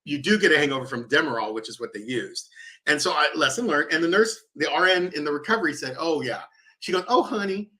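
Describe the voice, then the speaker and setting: Guy co-hosting a chat show, kinda high bright voice, tells stories all animated. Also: quick pace. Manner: animated storytelling with laughs. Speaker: co-host. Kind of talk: casual chat.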